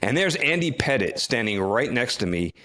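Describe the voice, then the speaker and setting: A middle-aged man from New Jersey tells a story on a podcast in a relaxed, chatty way. He is lively and acts out what other people said, stumbling over restarts as he goes. His voice sits at an ordinary middle pitch. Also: moderate pace. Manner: animated storyteller who acts out quoted lines, with frequent restarts. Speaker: podcast co-host. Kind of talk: casual storytelling chat.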